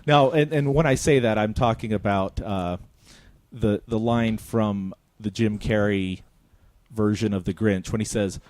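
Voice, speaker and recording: Teasing deadpan podcast man, dry sound. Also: fairly low pitch, a little slow, dry recording. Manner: teasing, deadpan jokes then backpedals. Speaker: podcast co-host. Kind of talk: casual chat.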